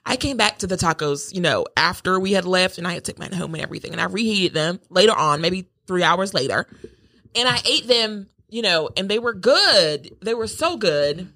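Bright-voiced woman in her thirties chatting. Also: on the low side, moderate pace. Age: 30s. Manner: animated, laughs often, acts out quotes. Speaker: podcast co-host. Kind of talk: casual chat.

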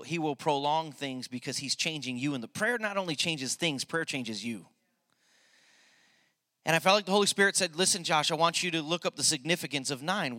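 A middle-aged male pastor preaching a sermon, telling a story and building to loud, emphatic peaks. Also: a little high, dry recording, in a large hall.

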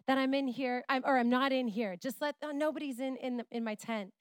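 A woman's voice: high-pitched, steady tone, brisk, smooth, dry recording, studio quality, close to an everyday voice. A woman voicing a nervous, stammering fleeing commander. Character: frightened fleeing male army commander.

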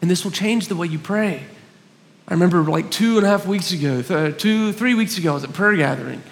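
A man's voice: sits high, brisk, creaky. A male pastor giving an earnest sermon, telling stories about himself with self-mocking humor. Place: church hall. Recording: long hall reverb.

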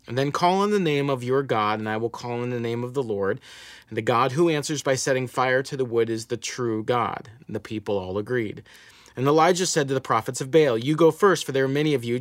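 A man's voice: mid-range voice, dry recording. Man preaching a dry, close sermon. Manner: storytelling preacher reading scripture aloud with rising emphasis. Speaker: pastor.

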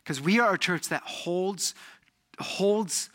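A man preaching a sermon with a bright, forceful voice set a little high. He tells stories with lots of animation and acts out the people in them. He sounds like a middle-aged pastor speaking in church. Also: slow. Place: church sanctuary.

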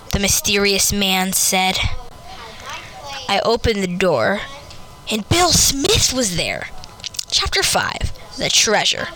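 Woman storyteller reading aloud; lively, slow pace, bright tone, faint noise. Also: mid-range voice, poor audio. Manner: lively storybook reading, voices for each character.

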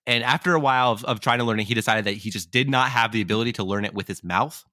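Bright-voiced man telling a story. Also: medium pitch, rapid-fire, no echo, studio quality. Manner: rambling, self-correcting. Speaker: podcast co-host. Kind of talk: casual storytelling.

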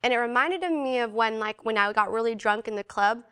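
A young adult woman, appearing as an interview guest, tells a personal testimony in a casual, animated storytelling style. Her voice is on the high side, clear and resonant, and a little fast, and she fills her speech with "like" while acting out the voices she quotes.

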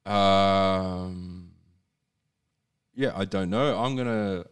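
A man's voice: sits low, drawn-out words, clear, resonant tone, dry recording, studio quality, distant mic. An Australian man co-hosting a podcast, laid-back and often stumbling over his words. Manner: laid-back, stammers and repeats himself. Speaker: podcast co-host. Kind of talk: casual chat.

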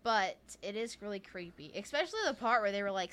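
A woman's voice: mid-range voice, expressive, fast talker, fairly bright tone. Southern woman podcaster, casual ghost story chat, rambly and giggly. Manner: chatty, many "like" fillers, laughs often. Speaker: podcast co-host.

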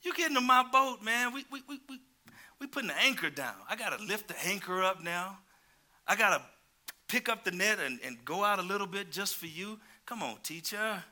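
A man's voice: high voice, expressive, a little fast, pushed and bright, voice pushed up, exaggerated voice. A male preacher voicing a tired, exasperated fisherman who complains in slang during sermon storytelling.

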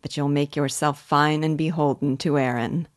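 Woman reading as a gentle old weaver. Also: deep voice, steady tone, moderate pace, no echo, studio quality, lightly acted. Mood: fond. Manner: mild, plain country speech. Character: old male village weaver, gentle and humble.

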